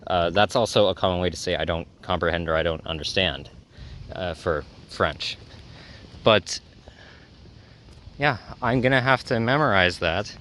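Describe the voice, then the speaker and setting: Male vlogger, lowish voice, chatty and rambling, light outdoor noise. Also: moderate pace, long pauses, bright, forceful tone. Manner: rambling, self-correcting, many fillers. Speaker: travel vlogger. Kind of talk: casual rambling vlog talk.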